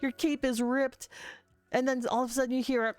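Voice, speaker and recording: A woman narrating a livestreamed tabletop game as game master, meandering and halting with many fillers. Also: sits high, little pitch movement, clean tone, dry recording, faint music behind.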